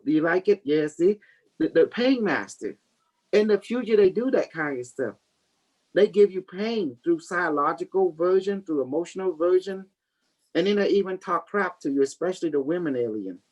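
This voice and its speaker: A man speaking a little higher than most men, in a rambling, repetitive way. He hosts a casual teaching talk for his community and breaks into laughter often. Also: poor audio. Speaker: community leader and host.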